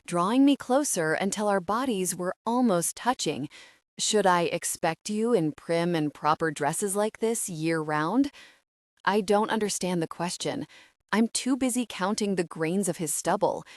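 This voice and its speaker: A woman narrating a first-person romance audiobook, flustered and breathy in tone. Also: mid-range voice, no echo, studio quality.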